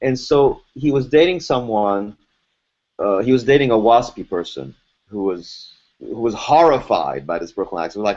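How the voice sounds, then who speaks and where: A man's voice: lowish voice, normal speed. Man with a faint hard-to-place accent. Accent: faint foreign accent, hard to place. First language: French or Arabic. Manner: animated storyteller, laughs often. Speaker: voice actor guest. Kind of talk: casual interview chat. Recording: dull lo-fi podcast audio.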